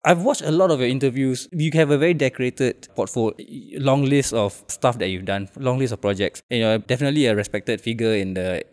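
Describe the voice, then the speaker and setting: A man's voice: mid-range voice, brisk, few pauses, darkish tone, long reverb tail. A young man with a Singaporean English accent hosting a podcast, asking casual questions full of fillers. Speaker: podcast host. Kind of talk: casual interview chat.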